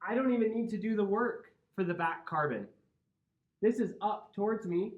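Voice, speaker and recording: A man's voice: high voice, normal speed. A man with a Midwestern accent teaching a chemistry class, explaining step by step and checking in with his students. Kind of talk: classroom lecture. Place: lecture classroom. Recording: roomy, dull lo-fi classroom recording.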